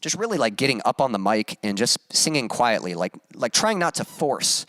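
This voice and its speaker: A man's voice: mid-range voice, very animated, normal speed, a bit bright, no echo, studio quality. Chatty male singer on a live stream. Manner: rambling, many fillers and restarts, demonstrates vocal exercises. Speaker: musician hosting a live stream. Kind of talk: casual live-stream chat, reading viewer comments.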